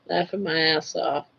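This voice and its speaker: An older woman hosting a casual live stream, chatty and teasing, laughing often. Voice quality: froggy, low-pitched singing voice by her own account. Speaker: livestream host. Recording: dull lo-fi stream audio.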